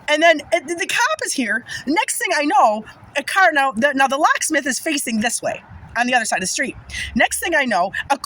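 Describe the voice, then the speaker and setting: High bright-voiced woman ranting into the camera, agitated, swears a lot. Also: slight background noise, rough recording. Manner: agitated, emphatic, swears often. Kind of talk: casual monologue storytelling.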